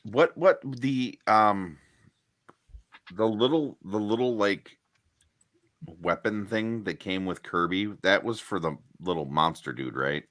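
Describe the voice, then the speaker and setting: A man's voice: lowish voice, animated, takes it slowly, fairly bright tone. A laid-back man in a casual toy chat, making short dry remarks. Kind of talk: casual chat while opening toys.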